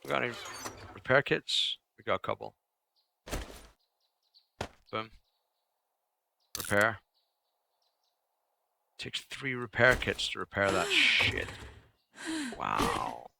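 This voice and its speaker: A man's voice: medium pitch, lively intonation, takes it slowly, vocal fry, pauses often, background noise. A young man streaming a survival game live, chatting casually, swearing now and then, grumbling at the game and answering his chat. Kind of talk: live gameplay commentary.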